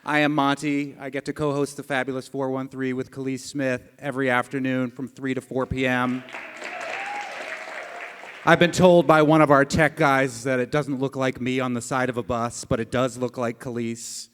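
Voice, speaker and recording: A man, a radio host, emceeing a live storytelling event on stage with energetic, joking delivery. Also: medium pitch, moderate pace, clear, resonant tone, some chatter behind. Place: stage in a hall with live audience. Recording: long hall reverb.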